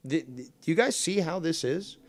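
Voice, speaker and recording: A man's voice: on the high side, animated, moderate pace, darkish tone, dry recording. A man hosting a call-in stream, ranting in an angry, mocking way with a lot of swearing. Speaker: stream host. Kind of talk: ranting livestream commentary.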